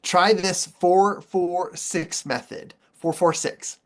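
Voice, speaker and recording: A man coaching his viewers through a motivational training session, his voice sitting a little higher than most men's. He keeps it playful and jokey, and he leans on dramatic pauses to drive each point home. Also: fairly even intonation. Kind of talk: motivational training talk to camera.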